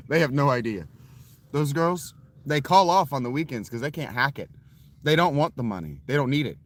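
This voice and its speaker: A man's voice: medium pitch, animated, normal speed, pauses often. A man in his late thirties telling a story to his viewers in a casual, blunt way, with frequent profanity. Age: late 30s. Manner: blunt, profane, laughs at his own stories. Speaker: vlogger.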